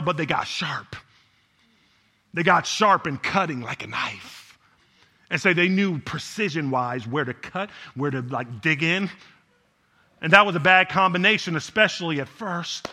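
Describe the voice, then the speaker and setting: A man's voice: high voice, pushed and bright. A man preaching a sermon in a conversational way, often tossing rhetorical questions to the congregation. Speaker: pastor.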